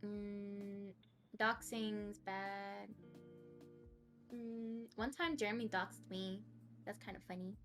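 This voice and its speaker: Unhurried, chatty young woman. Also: medium pitch, fairly even intonation, a bit bright, soft background music. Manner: chatty, laughs often. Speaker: streamer guest. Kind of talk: casual interview chat.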